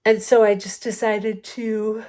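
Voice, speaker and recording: A woman's voice: mid-range voice, level tone, measured pace, a little mellow. A woman in her thirties chatting casually through a photo album flip-through late at night, rambling with lots of fillers and little laughs, a bit sleepy. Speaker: scrapbooking vlogger. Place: home at night.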